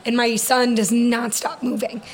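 A chatty woman co-host with a fairly high voice. She tells stories in a loose, playful way and often laughs between lines. A faint hiss sits under the recording. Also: flat delivery, a little slow. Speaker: podcast co-host. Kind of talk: casual chat.

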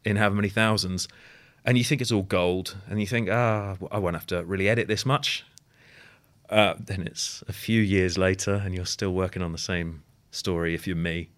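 Deep-voiced dry-humoured man. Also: fairly even intonation, normal speed, fairly bright tone. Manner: dry, wry and sweary. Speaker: podcast co-host. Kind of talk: casual chat.

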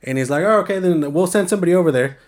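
A man's voice: high-pitched, very fast. A young man from the San Francisco Bay Area telling a story in a laid-back, slangy way, swearing often. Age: young adult. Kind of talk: casual storytelling chat.

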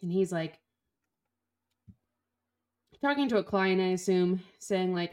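A woman's voice: fairly low pitch, unhurried, long pauses. Emotional woman podcast co-host. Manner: emotional, gushing, stumbling for words. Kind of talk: casual book-club chat.

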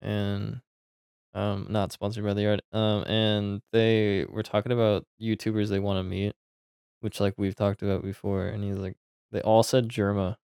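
A man's voice: fairly low pitch, little pitch movement, moderate pace, creaky, darkish tone, smooth, dry recording, studio quality. A young man in casual podcast chat, laughing often and teasing himself. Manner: laughing, self-mocking banter.

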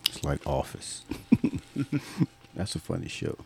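A man's voice: rumbling low, sing-song, slow, gravelly, a little mellow, a little hiss or hum. A man telling funny work stories in a profane, laughing, casual chat, often mimicking people.

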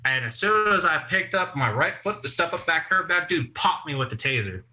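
On a podcast, a young male guest tells rowdy stories in a casual way, swearing freely, laughing, and acting out what people said. His voice is on the high side and bright, with a forceful tone, lively intonation, and a moderate pace. The audio is poor.

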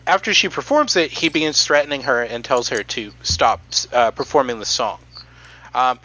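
A man hosting a casual podcast, talking in halting starts with many ums while explaining history. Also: mid-range voice, animated, sharp tone, rough recording. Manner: halting, many ums, reading quotes aloud. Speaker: podcast host.

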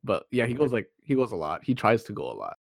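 A man's voice: fairly low pitch, sing-song, fast, vocal fry, no echo, studio quality. A young man co-hosting a podcast in casual chat, reacting with incredulous questions. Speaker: podcast co-host.

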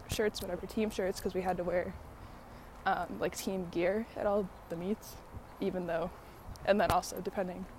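A woman's voice: medium pitch, darkish tone, a little hiss or hum. Breathless woman chatting while walking. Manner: many fillers, laughs often while talking. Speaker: podcast host. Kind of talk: casual rambling chat.

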